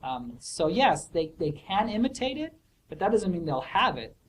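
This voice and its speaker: A man's voice: high voice, very animated, normal speed, rough recording. Man, professor, casual academic explanation, hesitant restarts, faint background noise. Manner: thoughtful, hesitant, many restarts and fillers. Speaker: professor answering student questions. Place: office hour recording.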